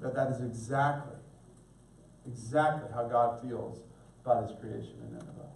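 A man's voice: medium pitch, steady tone, moderate pace, creaky, a little mellow, a little hiss or hum. Earnest male pastor in an echoey hall. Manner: earnest, preaching directly to the congregation. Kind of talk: sermon. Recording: echoey room, mic at a distance.

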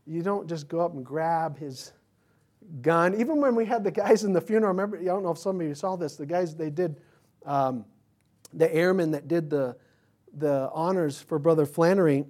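Pastor preaching with lively asides. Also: male voice, a little high, normal speed. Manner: conversational preaching with humorous asides and sudden bursts of excitement. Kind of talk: sermon.

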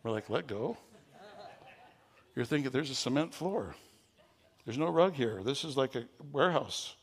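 Pastor guy preaching, gravelly voice, tells stories and gets fired up. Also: medium pitch, moderate pace. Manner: storytelling, growing loud and excited at the climax. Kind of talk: sermon.

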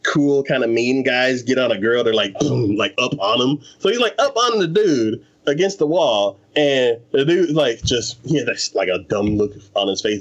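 A man's voice: medium pitch, highs cut off. A man in casual chat, animatedly retelling an anime plot and acting out the characters' lines, with lots of fillers. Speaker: anime podcast co-host.

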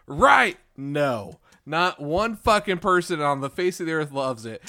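A man with a somewhat higher voice, ranting about wrestling on a casual podcast. He sounds exasperated and swears heavily, talking plainly and directly. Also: expressive, unhurried, bright, forceful tone. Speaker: podcast co-host.

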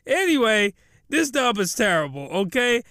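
A young man hosting a comedic review, rambling and excitable, with loud bursts of ranting. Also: extremely high pitch, moderate pace, dry recording, clean studio sound. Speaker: host.

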